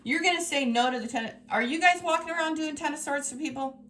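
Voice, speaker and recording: A woman giving a tarot reading to her viewers, talking in an emphatic, exasperated way that swings between scolding and excitement. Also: high voice, quick pace. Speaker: tarot reader.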